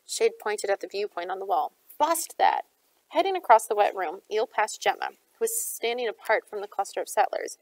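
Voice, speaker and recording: A woman narrates a novel at an even storytelling clip, her voice showing some vocal fry at mid pitch. The recording is dry and close, with no room sound. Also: dry recording, rough recording. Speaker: audiobook reader. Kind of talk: reading a novel aloud.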